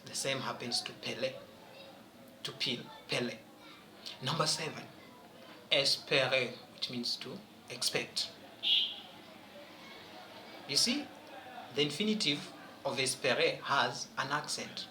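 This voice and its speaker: A man's voice: medium pitch, steady tone, a little slow, sharp tone, slight background noise. Emphatic man teaching, echoey room. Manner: emphatic, asks students rhetorical questions. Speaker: French teacher. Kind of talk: exam prep lesson.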